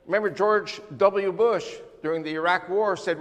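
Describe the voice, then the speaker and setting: Older male guest speaker, high-pitched voice, emphatic lecturing, reverberant church hall. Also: normal speed, few pauses. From United States. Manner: emphatic, animated lecturing with sweeping lists. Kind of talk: church talk on world politics.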